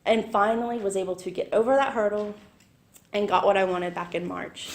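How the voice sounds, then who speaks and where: Woman, guest club director, mid-pitched voice, modest, light laughs, meeting room. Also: steady tone, a little fast, heavy background noise. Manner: modest, self-described shy, laughs lightly. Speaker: visiting club area director. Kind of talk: short informal talk.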